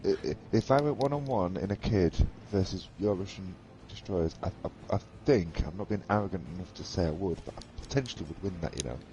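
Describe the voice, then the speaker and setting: A man chatting casually in voice chat while gaming, excitable and stammering through restarts. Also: low-pitched, quick pace, hardly any pauses, dull audio, slight background noise. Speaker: guest gamer.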